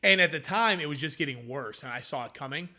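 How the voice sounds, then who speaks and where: A man with a somewhat high, bright, forceful voice tells the story of his food business in a relaxed interview. He talks in an animated way and acts out what people said to him. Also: fast talker. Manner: animated, acts out quoted dialogue. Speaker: food company founder.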